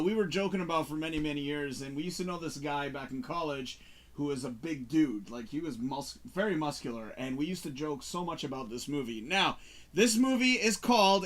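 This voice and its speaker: A man hosting a casual talk show, chatting about movies in an animated, rambling way. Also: a little high. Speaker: show host reviewing movies.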